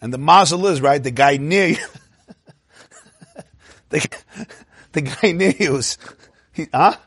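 Lively man teaching a Torah class. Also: on the high side, measured pace, husky, dry recording. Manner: animated, acts out inner voices, laughs at own jokes. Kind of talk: informal Torah lecture.

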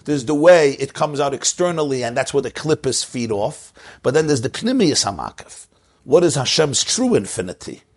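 Man, Torah teacher, husky, animated, wide pitch swings, mid-pitched voice. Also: normal speed. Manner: animated, pitch swinging widely between low storytelling and high exclamation. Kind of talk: Torah class.

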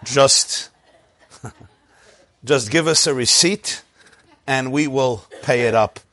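A man voicing a calm, apologetic school principal in a joke, in soft, placating tones. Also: medium pitch, very slow. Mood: soothing.

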